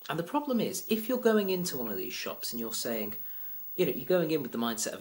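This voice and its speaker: A man's voice: medium pitch, very animated, fast, a little mellow. A man, venting in a rambling, self-deprecating casual monologue to his vlog viewers. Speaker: vlogger.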